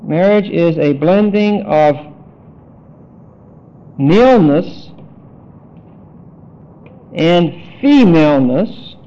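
Guy teaching a bible class, mellow highish voice, dull lo-fi tape. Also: lively intonation. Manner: deliberate, emphatic, spells out Greek words. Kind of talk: Bible study lecture. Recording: dull lo-fi recording.

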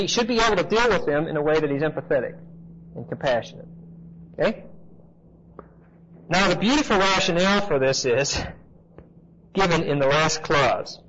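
Higher-voiced male Bible teacher, lo-fi recording. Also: fairly bright tone. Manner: conversational, emphatic, checks in with the class. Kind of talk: expository Bible teaching to a class. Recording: dull lo-fi recording with faint hiss.

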